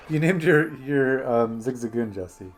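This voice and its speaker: A man hosting a gaming stream, chatting casually and rambling through stories with lots of 'like' fillers. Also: medium pitch. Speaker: streamer host. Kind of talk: casual chat while gaming.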